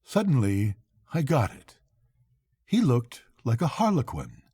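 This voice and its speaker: Slow, husky older storytelling man. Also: mid-range voice, no echo, studio quality. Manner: unhurried, expressive reading. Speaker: grandfather reading aloud. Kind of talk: bedtime storybook reading.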